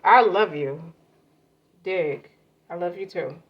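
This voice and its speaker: This tarot reader talks slowly in a lowish voice, laying out the cards in a relaxed way full of slang and swear words. Her recording sounds muffled and lo-fi, carrying a little faint noise.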